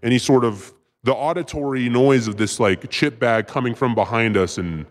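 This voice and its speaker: A man's voice: mid-range voice, normal speed. Rambling, profane male storyteller. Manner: profane, rambling, with filler words; excited bursts when retelling action. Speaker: podcast guest. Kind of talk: casual storytelling.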